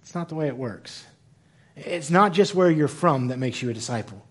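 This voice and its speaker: A male pastor preaching a sermon in a church in the American South, with a fairly high voice for a man. He talks in an animated way, corrects himself mid-sentence and acts out the people in the passages he reads. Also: moderate pace.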